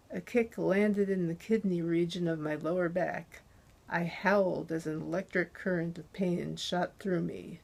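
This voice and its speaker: Woman author, slow and deliberate reading of her crime novel, close on a dynamic mic. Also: on the low side, gravelly, a little mellow. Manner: measured, deliberate narration. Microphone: close handheld dynamic USB mic.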